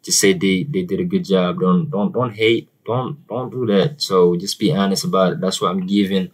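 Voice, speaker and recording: A man's voice: deep voice, steady tone, moderate pace, poor audio. A man with an African accent giving a casual, chatty movie review to camera, often repeating words and using fillers.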